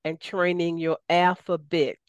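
A woman's voice: on the low side, little pitch movement, measured pace, smooth, no echo. A woman with a Southern US accent hosting a radio talk show, enthusiastic and folksy, often calling out to her listeners.

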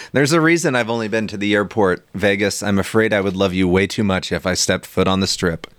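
Man, podcast co-host, low pitch, very dry sound, profane casual sports banter. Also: fairly quick, fairly bright tone, no echo. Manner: profane, joking, laughs often.

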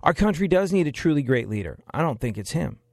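A man's voice: fairly high pitch, very animated, fast talker, creaky, dry recording. A man giving sarcastic political commentary, emphatic and repeating phrases for effect.

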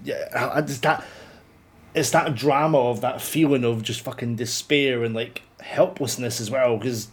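A man's voice: medium pitch, fairly even intonation, normal speed. A man chatting casually about a film, rambling with many restarts and swearing freely. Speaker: film podcast co-host. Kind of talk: casual chat.

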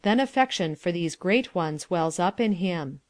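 A woman reads stage directions in an even, matter-of-fact way. Her voice is on the low side. The sound is dry and close. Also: measured pace, no room sound. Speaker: narrator reading stage directions. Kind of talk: plain audiobook reading.

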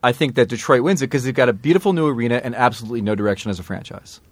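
A man's voice: medium pitch, racing, dry recording, studio quality. A man co-hosting a podcast in casual chat, joking, laughing often and restarting his sentences. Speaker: podcast co-host.

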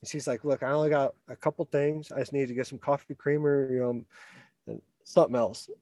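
A man's voice: mid-range voice, fairly even intonation, brisk, dark tone, dry recording. A man telling a long personal story in a casual, rambling way, repeating words and laughing at himself. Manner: laughs through his own story.

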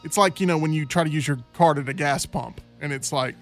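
A male host with a slightly high voice tells stories animatedly, putting on voices for the people in them. Faint music runs under his talk. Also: brisk, hardly any pauses. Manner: animated storyteller who acts out quotes. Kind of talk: casual chat.

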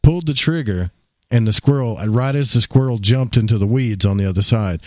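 A man who is a guest on a talk show, telling a childhood story in an animated way. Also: mid-range voice, fairly quick, no echo, studio quality.

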